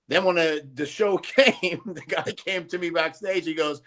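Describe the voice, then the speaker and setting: A middle-aged man, co-host of a bodybuilding podcast, telling stories in a lively, animated way with frequent swearing. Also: a little high, moderate pace, few pauses. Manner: animated storytelling, heavy swearing. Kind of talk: casual chat.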